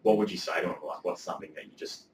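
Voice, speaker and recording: Man, interview host, laid-back, quick pace, distant mic, faint noise. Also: sits low. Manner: laid-back, encouraging, calls guest mate. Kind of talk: casual interview talk. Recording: echoey room, mic at a distance.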